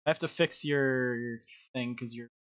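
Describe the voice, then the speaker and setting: A man's voice: mid-range voice, steady tone, unhurried, fairly bright tone, muffled recording. A man hosting a casual live stream through a headset, rambling and laughing often. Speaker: stream host.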